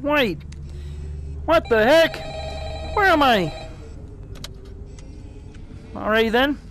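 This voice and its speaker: A man voicing a nervous, goofy male frog puppet in a high, thin, nasal voice, commenting jokily and in a panic while he plays in character. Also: animated, very slow, a bit bright, slight background noise, exaggerated voice. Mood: scared. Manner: panicky, jokey, blurts out beep-boop noises. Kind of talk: in-character let's play commentary.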